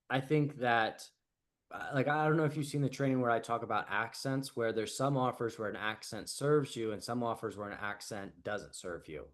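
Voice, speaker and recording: A man coaching sales setters in an easygoing, conversational way. He leans on "like" and tag questions, and brightens when he acts out what other people said. His pitch sits in the ordinary middle for a man. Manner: casual, lots of "like" and "right?", animated quoted asides. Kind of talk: casual group coaching call.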